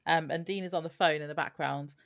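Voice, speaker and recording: Woman, podcast co-host, deep for a woman, relaxed recapper. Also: fast, creaky. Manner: easygoing, laughs often, filler-heavy. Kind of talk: casual episode recap.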